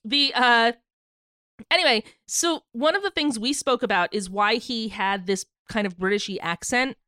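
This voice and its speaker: A woman co-hosts a music podcast in loose casual chat, laughing often and stalling on fillers. Her voice sits fairly high. The sound is dry and close. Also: moderate pace, sharp tone, dry recording. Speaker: podcast co-host.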